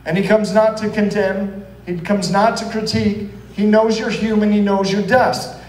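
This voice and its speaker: A man's voice: high voice, steady tone, normal speed, a little mellow, roomy sound, far from the mic, poor audio. A man preaching a sermon as pastor, telling the story earnestly and acting out the quoted voices. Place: church hall.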